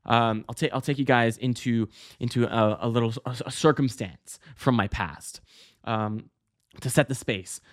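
A man hosting a podcast, telling a story casually with lots of fillers, restarts and swearing, breaking into loud high yelps. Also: moderate pace. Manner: bursts into loud high-pitched exclamations when acting out scenes. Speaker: podcast host.

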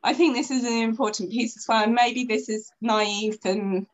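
A woman's voice: on the high side, fairly even intonation, normal speed, rough recording. A woman in her thirties talking as a guest in a casual podcast chat, frank and chatty with plenty of fillers.

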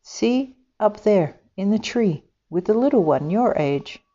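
A woman voicing a calm, reassuring mother kiwi bird who speaks gently. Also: mid-range voice, unhurried, lo-fi sound, voice pushed up. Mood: pointing out. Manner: gentle, soothing, explaining.

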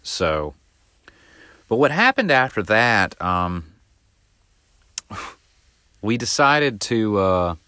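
A young podcast host with a very deep, low, resonant voice chats casually with his audience, speaking very slowly and clearly with long pauses. He wanders through a lengthy personal story, livening up whenever he acts out shouted lines. The recording is dry and close, with almost no room echo.

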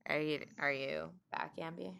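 A woman co-host with a very low voice and lots of vocal fry, speaking softly and hesitantly. She chats casually and often trails into questions. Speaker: podcast co-host. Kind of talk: casual chat.

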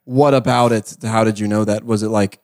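A man's voice: on the low side, fairly even intonation, brisk, a little mellow. A man co-hosting a casual podcast, teasing his co-host and breaking in with questions. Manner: teasing, keeps interrupting with questions.

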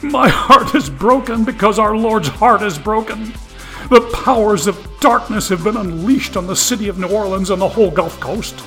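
Fields: a man voicing a televangelist, high pleading sermon voice. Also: normal speed, fairly bright tone, faint music behind, lightly acted. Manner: preachy, rising fervor, pleading. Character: fervent male TV preacher, tearful, pleading for donations.

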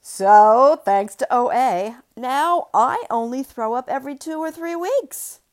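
A woman voicing a woman speaker who shouts triumphantly to a support group. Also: sits high, lively intonation, slow, pitched above the performer's own voice.

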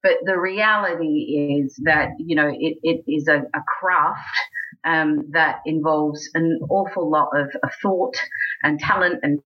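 A woman's voice: deep voice, unhurried, lo-fi sound. A woman in her forties from Australia, a burlesque singer and host, telling stories in a casual interview with lots of restarts. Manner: chatty, lively storyteller, many restarts, acts out quotes.

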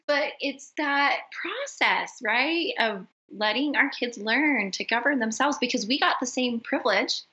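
Middle-aged woman, podcast guest; bright and ringing, animated storyteller who acts out the dialogue. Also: a little high, a little slow, hardly any pauses, low-quality recording. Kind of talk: casual conversation.

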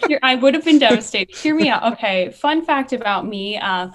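Bubbly young woman telling quick stories. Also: on the high side, lively intonation, a loud crowd. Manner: bubbly, quick storytelling with laughs. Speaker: guest, former ride skipper. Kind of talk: casual podcast chat.

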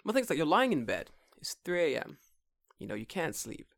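A man's voice: fairly high pitch, fairly quick, vocal fry, dry recording, clean studio sound. A man co-hosting a podcast in casual chat, joking, swearing freely and slipping into put-on voices. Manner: animated, swearing, jokey, puts on voices. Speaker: podcast co-host.

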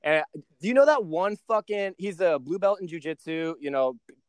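Young guy podcast host, cocky and cussing nonstop, slightly high voice. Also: expressive, normal speed. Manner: brash, heavy swearing, calls listener bro and dude. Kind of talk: casual storytelling chat.

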